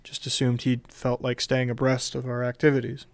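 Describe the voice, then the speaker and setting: A man's voice: medium pitch, completely flat delivery, normal speed, clean tone. A man running a tabletop game, casual and playful, swearing freely. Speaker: game master.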